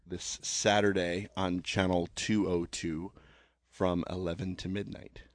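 A man's voice: low voice, little pitch movement, unhurried, no echo, studio quality. A man hosting a casual podcast, joking and rambling with fillers, his throat a little sore. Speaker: podcast host. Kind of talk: casual chat.

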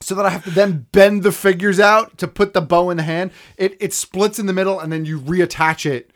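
A man's voice: sits high, fairly even intonation, fairly quick. A man co-hosting a podcast in casual chat, rambling with lots of fillers and enthusiasm. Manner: rambling, filler-heavy, enthusiastic about toys. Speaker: podcast co-host.

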